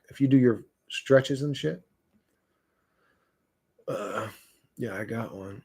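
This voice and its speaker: A man's voice: mid-range voice, slow pace, creaky, darkish tone, husky. A man hosting a live stream, ranting profanely and mockingly to his chat, laughing often. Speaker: livestream host reading chat. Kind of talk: casual rant to a live chat.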